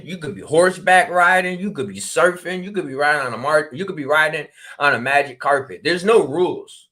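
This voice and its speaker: A man from Connecticut telling a story in casual talk, acting out the dialogue with quick exclamations. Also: a little high, sharp tone. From New Haven, Connecticut. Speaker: spiritual regression practitioner.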